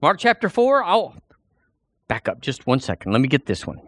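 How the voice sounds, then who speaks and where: A man's voice: mid-range voice, wildly swooping pitch, moderate pace, a bit bright, no room sound, studio quality. A man preaching a sermon in a folksy, conversational way, talking straight to the congregation and often repeating himself.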